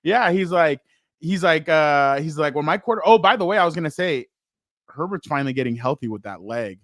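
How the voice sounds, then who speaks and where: A man's voice: fairly high pitch, lively intonation, fairly quick, fairly bright tone, no room sound, studio quality. A man co-hosting a casual sports talk show, chatty and telling stories. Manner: chatty, retells stories with laughs. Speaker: co-host.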